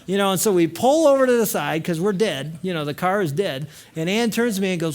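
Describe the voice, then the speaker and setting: A male conference speaker telling a story in a sermon, animated, acting out scenes and shouting at the peaks. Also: high-pitched, fairly quick.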